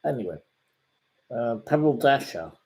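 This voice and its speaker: A man's voice: medium pitch, sing-song, normal speed, darkish tone. A man from Derbyshire, hosting a casual livestream and answering viewers' questions in a rambling way with dry put-downs. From England, Derbyshire. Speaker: livestream host reading viewer comments.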